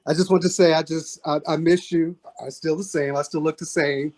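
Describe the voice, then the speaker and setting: A man's voice: fairly high pitch, steady tone, a little fast, darkish tone. Gushing man calling in on video. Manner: gushing, choked up. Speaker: caller. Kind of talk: emotional video-call greeting. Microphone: video call.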